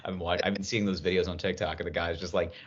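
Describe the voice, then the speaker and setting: A man's voice: low voice, little pitch movement, racing. A young man, co-hosting a podcast in casual chat, telling slangy stories with laughs and acted-out voices. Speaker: podcast co-host. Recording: muffled lo-fi podcast audio.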